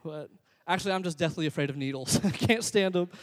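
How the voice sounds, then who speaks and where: A man's voice: on the high side, quick pace, long reverb tail. A man preaching a sermon in an earnest, conversational, self-deprecating way. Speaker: pastor.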